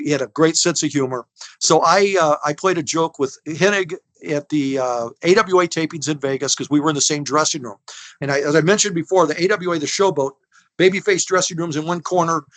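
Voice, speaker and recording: The recording is dry, and the man's voice sits on the high side at a fairly quick pace. In his sixties and guesting on an interview, he spins rambling, folksy stories, acting out the characters, restarting and laughing along the way.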